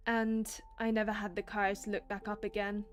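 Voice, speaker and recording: A young woman streaming herself, reading a romance visual novel aloud and chatting excitedly between lines. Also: mid-range voice, brisk, faint music behind. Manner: excitable, laughing asides.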